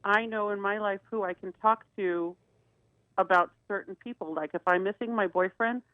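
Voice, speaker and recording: A middle-aged woman co-hosts a radio talk show, telling personal stories earnestly with many restarts. Her voice is mid-range and moderately paced, and the sound is dry and phone-like, typical of radio, with no echo.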